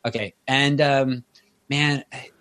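A man's voice: mid-range voice, fairly even intonation, takes it slowly, bright, forceful tone, no echo. A man in his thirties, a guest author in an interview, telling personal stories in an earnest, conversational way.

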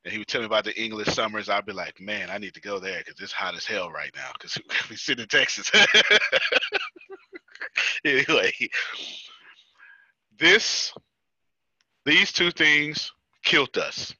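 Bright-voiced American man leading a meeting. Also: on the low side, expressive, normal speed, no room sound. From United States. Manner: joking, storytelling, laughs often. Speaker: meeting host. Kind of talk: casual team meeting talk.

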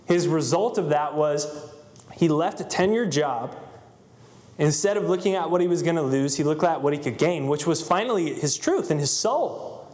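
A man's voice: a little high, animated, moderate pace, darkish tone. A man telling a story to a live audience in a loose style, with many fillers. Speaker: motivational speaker.

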